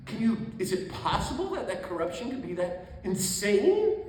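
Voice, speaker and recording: Older priest storyteller, lively and expressive, slightly high voice, big echoey hall. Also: male voice, moderate pace. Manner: animated, acts out the people in his stories, laughs often. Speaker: Catholic priest and author speaking. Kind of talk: storytelling talk to an audience. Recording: very echoey hall, faint room noise.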